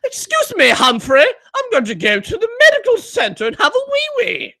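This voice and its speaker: A man's voice: very high-pitched, wildly swooping pitch, normal speed, sharp tone, voice pushed up, exaggerated voice. A man putting on the voice of a prissy posh schoolboy.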